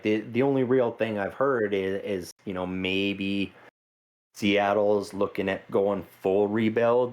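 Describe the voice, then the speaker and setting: A man co-hosting a casual sports podcast, calm and explanatory, with fillers. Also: lowish voice. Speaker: podcast co-host.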